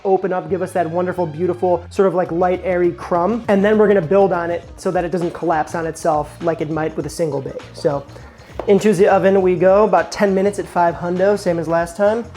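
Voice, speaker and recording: Male home-kitchen vlog host, chatty and eager, warm tone, light music bed. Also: sits high, steady tone, fairly quick. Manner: enthusiastic, slangy, chatty. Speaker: cooking show host. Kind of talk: casual cooking vlog.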